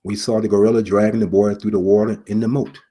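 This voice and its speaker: A middle-aged man with a low, husky voice delivers a sermon-style message. He speaks earnestly, repeats his key phrases and pauses between them. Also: level tone, dark tone. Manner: earnest, repetitive preaching with pauses. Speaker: preacher, former police officer.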